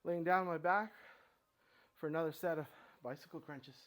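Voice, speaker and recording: A man's voice: on the high side, fairly even intonation, fairly bright tone. Casual man narrating his home workout. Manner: halting, talks himself through exercises with many restarts. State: out of breath between sets. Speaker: fitness vlogger. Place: home room with his dogs.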